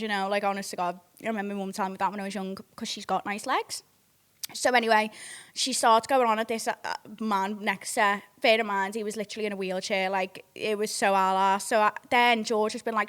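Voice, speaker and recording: Speaking quickly in a fairly bright, high-leaning voice with fairly even intonation, this podcast host shares candid stories in a relaxed chat. She's a young woman from the Liverpool area with a Northwest English accent who swears without hesitation and often addresses her audience directly.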